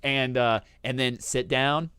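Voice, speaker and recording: An animated host swaps travel stories in a loose, profane chat, saying "dude" in nearly every sentence. He speaks slowly at a middling pitch with a clear, resonant tone, sounding close and dry with no echo.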